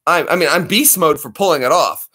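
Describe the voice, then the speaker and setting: Excitable man telling stories, fairly high voice. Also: brisk, breathy edge. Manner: rambling, excitable storytelling with sound effects. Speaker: channel host. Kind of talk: casual chat.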